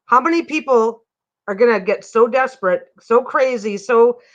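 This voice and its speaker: A woman's voice: fairly high pitch, normal speed, dull audio. A woman hosting a casual livestream chat from her home, rambling and often breaking off mid-sentence. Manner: rambling, self-interrupting, chatty. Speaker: livestream host.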